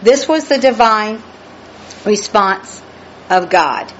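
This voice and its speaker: A woman's voice: mid-range voice, lively intonation, takes it slowly. A woman preaching a Bible study sermon, emphatic and drawn out, questioning her listeners and exclaiming praise. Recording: dull lo-fi recording with faint noise.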